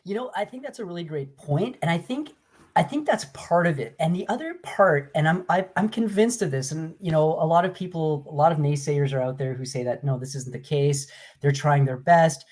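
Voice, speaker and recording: A man's voice: a little high, animated, fairly quick, darkish tone. Male panel guest, earnest, argues his point in a casual chat. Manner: earnest, argumentative.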